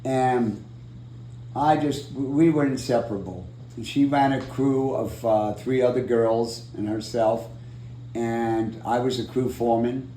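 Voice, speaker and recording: Animated male storyteller in an echoey room. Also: mid-range voice, measured pace, a little hiss or hum. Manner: animated storyteller, acts out quotes. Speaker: oral history interviewee. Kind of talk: storytelling in an interview. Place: room in San Diego.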